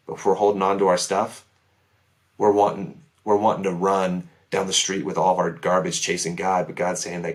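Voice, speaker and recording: A man's voice: sits low, little pitch movement, normal speed. A man speaking as a podcast guest, sharing his testimony in an earnest, emphatic way. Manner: earnest, emphatic, many "right?" asides. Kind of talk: casual testimony chat.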